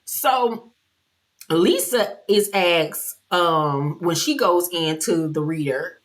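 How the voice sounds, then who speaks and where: A woman giving a casual recap of a reality TV episode, loud and brash with slang and swearing, often laughing and jumping high in pitch for mock outrage. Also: takes it slowly. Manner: animated, loud, with frequent laughter.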